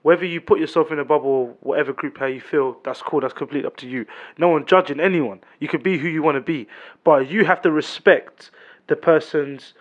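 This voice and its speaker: A man's voice: fairly high pitch, brisk. Emphatic man, lo-fi. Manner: emphatic, repeats himself, rhetorical questions. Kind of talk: casual chat. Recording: dull lo-fi sound.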